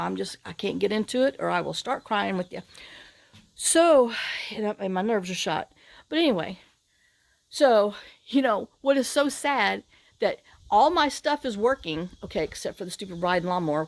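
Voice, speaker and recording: Her mid-range voice is gravelly, with no echo, as a middle-aged woman vlogs casually outdoors on rural property. Worn down by work in the heat, she sighs and rambles, leaning heavily on fillers.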